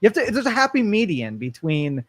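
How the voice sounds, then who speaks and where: A man's voice: high-pitched, very animated, a little fast, very noisy. Teasing male radio co-host. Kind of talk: casual radio chat. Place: radio studio.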